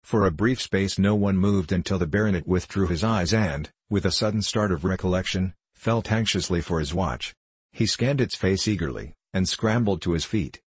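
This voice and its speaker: A man reading a story aloud as narrator, with measured, even storytelling. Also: low-pitched, slightly rough, no room sound. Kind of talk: audiobook narration.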